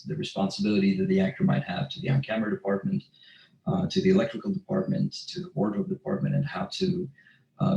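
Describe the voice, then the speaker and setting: A man, an acting teacher, narrating a promotional video and explaining his class in a measured tone. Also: fairly low pitch, gravelly, darkish tone, echoey room, slight background noise, rough recording. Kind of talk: promotional voice-over.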